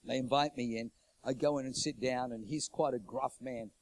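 A middle-aged pastor preaching a sermon, swinging from loud, urgent declarations to hushed, intimate storytelling. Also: male voice, mid-range voice, fairly even intonation, normal speed, slight background noise, poor audio.

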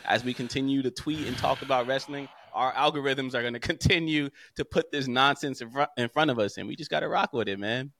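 A man co-hosting a casual podcast, ranting in an animated way and mimicking online commenters. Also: mid-range voice, fairly quick, vocal fry, few pauses, no echo, clean studio sound. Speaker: podcast co-host.

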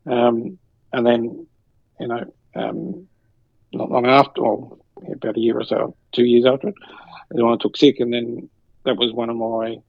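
A man's voice: mid-range voice, flat delivery, measured pace, gravelly, pauses often, no echo, phone-quality sound. A man telling long, rambling anecdotes in casual chat, acting out the voices of people he quotes. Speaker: guest.

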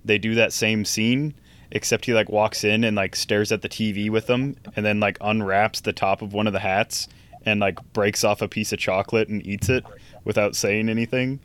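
A man's voice: on the low side, steady tone, moderate pace, fairly bright tone, smooth. A man chatting casually on a podcast, hesitant and filling his talk with likes and ums. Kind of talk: casual chat.

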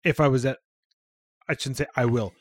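A man in his thirties talks loosely on his podcast, dropping curses and chuckling through quick asides. His voice sits in a middle register. The sound is dry and close, with no room echo. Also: mid-range voice, steady tone. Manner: loose and profane, laughs often, quick asides. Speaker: podcast host. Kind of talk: casual chat.

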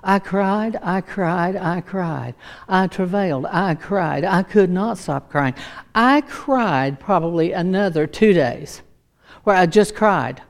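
A middle-aged woman giving a sermon as a personal story, animated and laughing often, acting out voices. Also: fairly low pitch, slow. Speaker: preacher.

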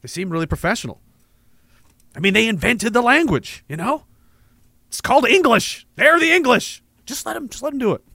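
A male livestream host reads out viewer messages and riffs on them, cursing, rambling and breaking into laughs. His voice sits high and moves in lively leaps, with a bright edge. The sound is dry and close. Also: fairly quick, creaky, no echo. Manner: profane, rambling, laughs often. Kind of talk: casual livestream chat.

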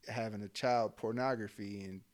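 Young army guy ranting in casual chat, kinda low voice, swears a lot, says you know what i'm saying constantly. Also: steady tone, normal speed. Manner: blunt, heated, profane, filler-heavy. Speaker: army soldier, podcast co-host.

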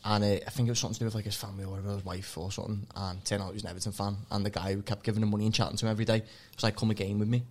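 A man's voice: lowish voice, little pitch movement, rapid-fire, few pauses. A man, a comedian guest on a podcast, telling loose, self-deprecating stories. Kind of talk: casual comedy podcast chat.

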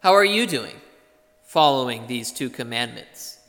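A man preaching a sermon as pastor, explaining things in a deliberate teaching way. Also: medium pitch, expressive, fairly bright tone. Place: church. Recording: long reverb of a church hall.

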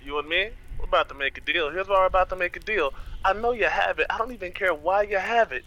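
Brash hustler adventurer, played by a bright-voiced man, quick and pushy. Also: high voice, highs cut off. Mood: persuasive.

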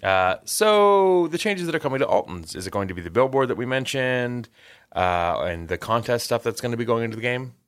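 A man with a Canadian accent, an excitable podcast co-host who answers questions about game development. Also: mid-range voice, clear, resonant tone, no room sound, clean studio sound. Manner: excitable, quick quips. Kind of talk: casual podcast chat.

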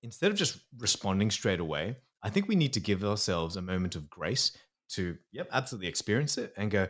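A man's voice: fairly low pitch, big pitch swings, fairly quick, a bit bright. A man, a psychologist explaining things earnestly in a podcast interview. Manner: earnest, explanatory, slips into acting out inner voices. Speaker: psychologist guest.

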